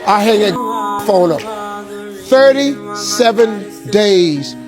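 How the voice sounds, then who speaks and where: A man giving a motivational speech, telling a story in a colloquial, animated way and acting out the dialogue. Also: high voice, slow. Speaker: motivational speaker. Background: background music.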